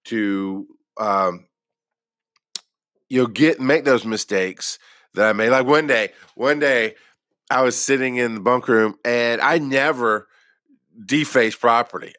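Man, former paramedic, bright forceful voice, dry close sound, rambling and self-mocking storytelling. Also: on the low side, no echo. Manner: rambling and self-deprecating, with many restarts. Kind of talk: casual personal storytelling.

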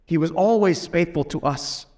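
A man's voice: fairly high pitch, normal speed, a little mellow, close to an everyday voice. A man voicing the apostle Peter as a humbled grown man confessing his fear and little faith. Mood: rueful. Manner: rueful, confessional.

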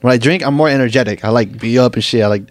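A man's voice: medium pitch, very fast, dry recording. Slangy young man telling a story. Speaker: podcast co-host. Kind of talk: casual chat.

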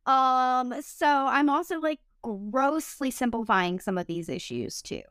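Chatty woman podcast host, smooth voice. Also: high-pitched, expressive, fairly bright tone, no echo. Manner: chatty, many "like" fillers, quick asides and self-disclaimers. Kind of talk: casual podcast chat.

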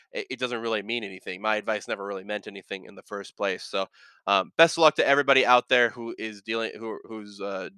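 A man's voice: lowish voice, pushed and bright, clear, resonant tone, no echo. A man hosting a casual solo podcast, talking in an earnest, rambling way that often corrects itself, with a slight lisp. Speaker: podcast host.

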